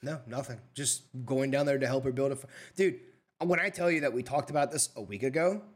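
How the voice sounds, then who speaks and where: A man's voice: medium pitch, fairly quick. A young man in casual podcast chat, telling a story as an exasperated rant with heavy swearing. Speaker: podcast co-host.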